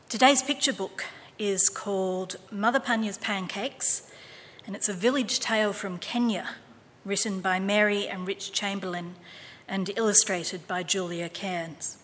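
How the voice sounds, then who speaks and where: Woman reader, bright and measured, mid pitch, reverberant hall. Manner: clear, measured read-aloud. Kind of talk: reading scripture and a picture book aloud.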